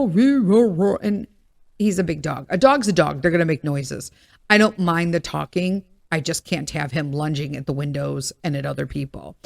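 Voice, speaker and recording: A woman's voice: on the low side, gravelly. A middle-aged woman hosting her own podcast, chatting candidly, laughing at herself and swearing freely, her voice still recovering with a cough. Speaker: podcast host. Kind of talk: casual solo chat.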